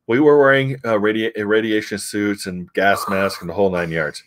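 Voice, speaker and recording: A man's voice: on the low side, steady tone, moderate pace, a little hiss or hum. A man hosting a casual comic book review, recapping chattily with fillers.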